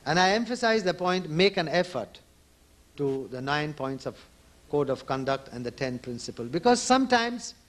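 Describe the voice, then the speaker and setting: A man speaks from the podium at a conference, his voice sitting a little high for a man. He is earnest and emphatic, returning to his key points again and again as he addresses the audience. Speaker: organization leader addressing a conference. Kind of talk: conference speech. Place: conference hall.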